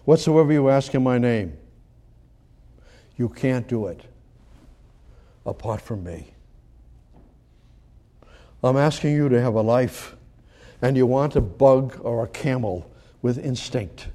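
A man preaching a sermon who teaches conversationally, repeats his phrases, and swings from loud emphasis to quiet asides. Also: medium pitch, animated, slow, pauses often.

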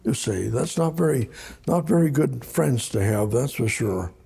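A man's voice: mid-range voice, expressive, unhurried, gravelly, mellow, slightly rough. A man preaching a sermon, reading scripture aloud in a conversational, repetitive way. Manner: conversational, repeats words, reads scripture aloud. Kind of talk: sermon, Bible study.

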